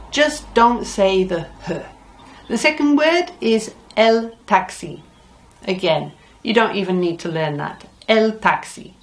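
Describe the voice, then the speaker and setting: A woman teaching a language lesson, repeating each word slowly and mixing English with Spanish. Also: medium pitch. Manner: drills words slowly, repeats each one; cheerful, mixes English and Spanish.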